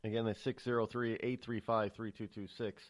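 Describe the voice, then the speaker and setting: A New England man with a lowish voice and flat delivery, talking a little fast, hosts a live morning call-in talk radio show. He starts out chatty, but as his anger shows he rambles with many fillers and restarts.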